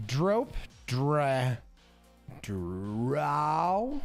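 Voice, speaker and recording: On a live stream, a man with a voice on the high side and big pitch swings speaks slowly, sounding out word guesses and greeting his chat as he works through a word puzzle. He talks into a headphone mic, and faint music plays in the background.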